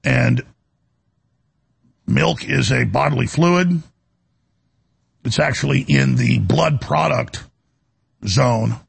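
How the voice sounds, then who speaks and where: A man hosting a talk radio show, delivering a rambling, indignant monologue full of restarts. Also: medium pitch. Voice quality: gravelly, raspy.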